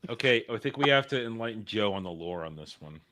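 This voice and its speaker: A man on a podcast panel, chatting casually and telling stories in an animated way with frequent laughter. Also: on the low side, fast. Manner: animated, storytelling, laughs often. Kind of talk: casual chat.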